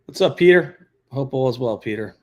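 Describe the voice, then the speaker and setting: A man in the middle of a casual livestream, talking offhandedly to viewers in the chat. His delivery is blunt and conversational, with an ordinary mid-range pitch, like a retired cop thinking out loud. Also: lively intonation, moderate pace. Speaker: retired law enforcement livestream host.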